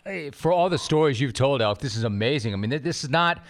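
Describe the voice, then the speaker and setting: Excitable, swearing podcast host. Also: male voice, medium pitch, fast. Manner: excitable, swearing, eggs the guest on. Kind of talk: casual interview chat.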